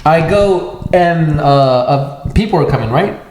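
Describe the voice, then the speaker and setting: A man's voice: a little high, lively intonation, measured pace, a little mellow. A young man co-hosting a podcast, telling a rambling story in casual chat and swearing freely. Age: young adult. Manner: rambling storyteller, acts out voices, swears a lot. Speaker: podcast co-host. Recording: echoey room with faint noise.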